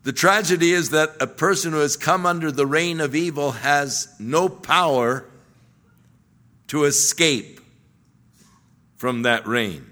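A man's voice: fairly high pitch, slow, long pauses, pushed and bright. A male preacher delivering a sermon, earnest and emphatic, building to exclamations.

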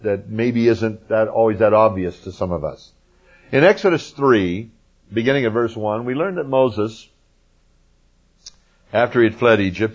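A male preacher explaining scripture with emphasis and folksy asides to the audience. His voice sits in a middle pitch, and the recording sounds muffled and lo-fi. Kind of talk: Bible teaching.

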